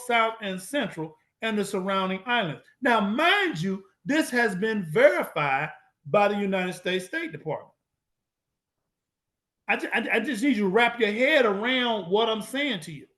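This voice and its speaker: A man giving an emphatic lecture, repeating phrases for emphasis, with a casual, slangy, drawn-out delivery. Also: high voice, a bit bright. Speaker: speaker presenting to an online audience. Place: at a computer, sharing his screen.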